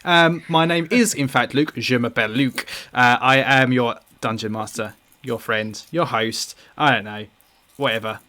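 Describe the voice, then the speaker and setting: Male podcast host and game master, bright tone, jokey and rambling, swears casually. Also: medium pitch, moderate pace. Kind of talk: casual chat among friends.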